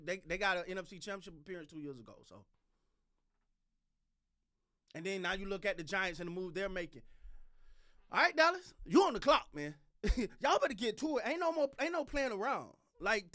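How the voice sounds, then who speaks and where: A man hosting a casual sports commentary channel, talking in an animated, repetitive way with slang and short laughs. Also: high voice.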